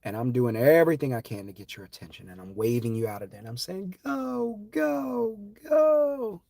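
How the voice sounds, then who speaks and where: A man hosting a live stream, talking in an impassioned, preachy way that swings from loud to hushed. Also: fairly low pitch, rapid-fire, dry recording, clean studio sound.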